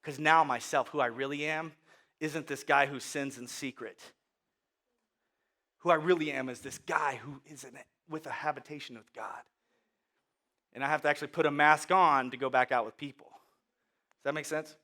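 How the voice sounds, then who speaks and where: A man preaching a sermon, telling the story with lively acted voices and sudden loud outbursts. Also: on the high side, normal speed, pauses often. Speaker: pastor.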